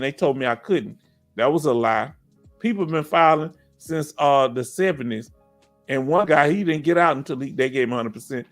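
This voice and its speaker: A middle-aged man with a Southern US accent hosts a casual veterans' live stream. He reads viewer comments and keeps checking in with "you understand?". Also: fairly high pitch. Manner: animated, preachy, keeps asking "you understand?".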